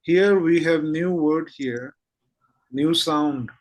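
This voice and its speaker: A man teaching a slow alphabet lesson, reading each sound one by one and checking in often with "okay?" and "hmm?". His first language is Tibetan. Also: fairly high pitch, low-quality recording.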